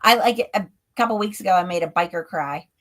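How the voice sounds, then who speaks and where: A woman's voice: on the low side, a little fast. A woman guest on a live stream, chatting casually and telling stories, leaning on the filler "like" and laughing often. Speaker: guest, ghost tour guide. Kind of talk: casual storytelling in an interview. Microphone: remote live stream call.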